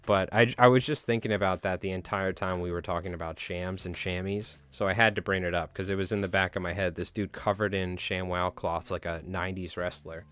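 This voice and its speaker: Smooth low-voiced joking streamer man. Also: fairly even intonation, brisk, few pauses, fairly bright tone. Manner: rambling, self-mocking, joking. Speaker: streamer tying flies live. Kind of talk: casual live-stream chat.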